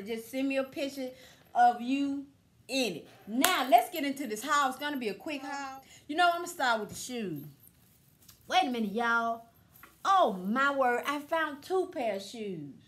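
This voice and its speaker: A middle-aged woman chatting casually to viewers about a thrift haul, straightforward and full of stories and exclamations. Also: sits high. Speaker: vlogger showing a thrift haul.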